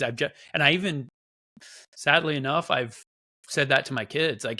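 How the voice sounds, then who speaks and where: A man's voice: mid-range voice, moderate pace, sharp tone. A man hosting a podcast interview, speaking in a reflective, candid way and asking questions. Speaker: podcast host. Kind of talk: casual interview.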